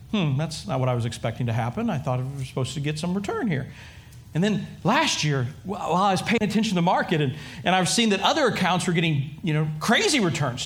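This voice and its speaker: A middle-aged male pastor with a voice that sits high preaches an animated sermon, acting out different voices and frequently repeating himself.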